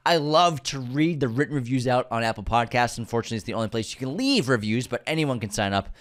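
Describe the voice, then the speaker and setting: A man's voice: mid-range voice, quick pace. Nasal-voiced man plugging a podcast. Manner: relaxed banter, friendly plug delivery. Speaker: podcast co-host. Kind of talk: casual chat and read-out show promos.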